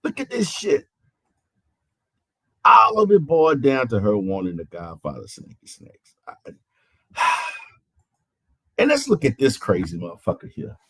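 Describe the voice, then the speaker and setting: A man's voice: medium pitch, huge pitch swings, measured pace, pauses often, a bit bright, husky, dry recording. A man hosting an online panel, ranting in a mocking, profane way, stammering and repeating his phrases. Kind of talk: heated live-stream rant.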